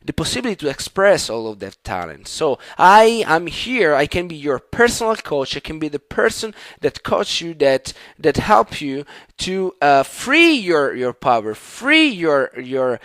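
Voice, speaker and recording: Eager Italian-accented teacher, fairly high voice. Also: male voice, very animated, a little slow, a bit bright, no room sound. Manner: enthusiastic, hesitant with fillers and restarts. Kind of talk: online language lesson.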